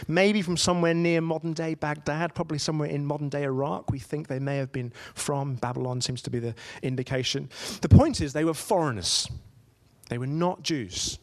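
A man preaches in an easy, conversational way, mixing personal stories with rhetorical questions to his listeners. His voice sits a touch higher than most men's. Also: normal speed. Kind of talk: sermon.

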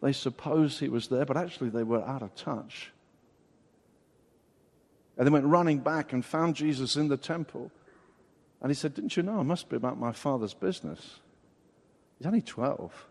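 A man's voice: medium pitch, moderate pace, long pauses, a little mellow. A man preaching a sermon as pastor, explaining a Bible passage with rhetorical questions and an expository manner. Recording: long hall reverb.

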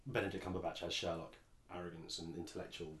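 A man's voice: sits low, little pitch movement, quick pace, fairly bright tone, roomy sound. An English man co-hosting a podcast, chatting casually and rambling with frequent restarts. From England. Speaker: podcast co-host. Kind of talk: casual chat.

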